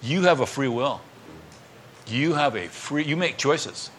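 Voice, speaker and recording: A man's voice: medium pitch, animated, measured pace, fairly bright tone. A male pastor preaching a conversational sermon, reading verses and breaking into acted quotes.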